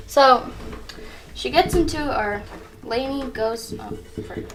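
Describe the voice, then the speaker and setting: Fairly high voiced woman slowly telling her part of the story, chuckles, fixes herself, faint music. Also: rough recording. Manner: easygoing, chuckling, self-correcting. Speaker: co-host continuing a drawn story. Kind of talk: casual storytelling while drawing.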